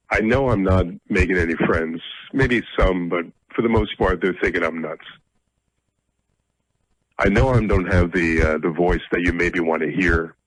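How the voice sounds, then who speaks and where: A man's voice: sits low, no room sound, poor audio. A middle-aged man hosting a radio talk show, speaking bluntly and combatively, with a self-deprecating edge.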